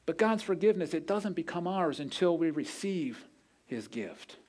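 A man's voice: a little high, lively intonation, normal speed, a little mellow. A man preaching a sermon, telling a story in an earnest way and acting out the quoted voices. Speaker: pastor.

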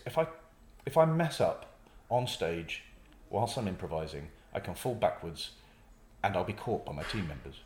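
Animated man in an echoey room. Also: fairly low pitch. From North East England. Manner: animated storyteller acting out little scenes. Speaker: improv comedian guest. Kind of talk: casual interview chat.

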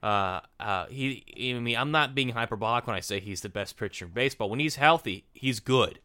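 A man co-hosting a podcast, talking in casual animated opinion chat and often restarting his words. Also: mid-range voice, fairly quick, clear, resonant tone. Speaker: podcast co-host.

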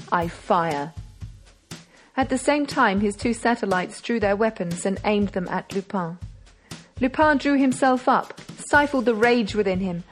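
A woman narrating a classic novel as an audiobook, measured and dramatic. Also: medium pitch.

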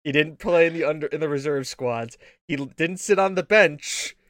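A man's voice: a little high, moderate pace, fairly bright tone, no echo, studio quality. A man co-hosting a casual gaming show, telling rambling stories full of swearing and laughter. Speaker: podcast co-host.

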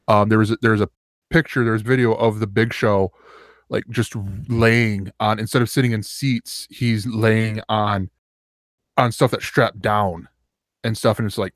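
A man with a lowish voice tells a rambling story in casual podcast chat. The sound is close and dry, with no room echo. He acts out the quotes as he goes. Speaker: podcast co-host.

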